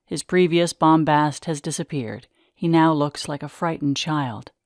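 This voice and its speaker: A woman's voice: sits low, a little slow, a little mellow, dry recording. Woman reading stage directions, dry sound. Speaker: narrator.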